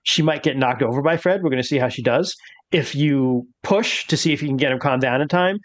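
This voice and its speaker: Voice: medium pitch, fairly quick. A game master running a tabletop horror game, explaining rules with many fillers.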